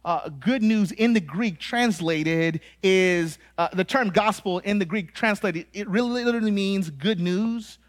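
An American man preaching with a high, lively voice. He keeps it conversational and animated, throwing in jokes and acting out quoted voices as he teaches. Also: unhurried, hardly any pauses. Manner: animated, joking asides, acts out quoted voices. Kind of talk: sermon.

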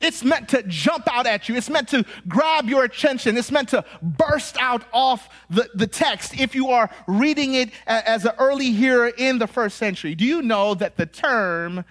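A man with an American accent preaching a sermon, animated and conversational, with joking asides and acted-out quotes. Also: extremely high pitch, normal speed, few pauses.

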